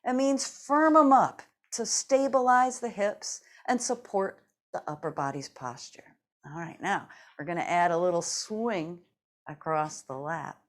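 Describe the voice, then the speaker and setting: Slow, laughing woman fitness instructor. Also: on the low side, expressive. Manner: slow, encouraging, laughs often between cues. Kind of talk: seated exercise class instruction.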